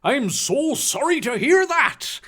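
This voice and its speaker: A man voicing a jolly, bearded giant of a man in a put-on Irish accent, loud and amiable. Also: extremely high pitch, big pitch swings, measured pace, voice pushed up, heavily acted. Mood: cheery.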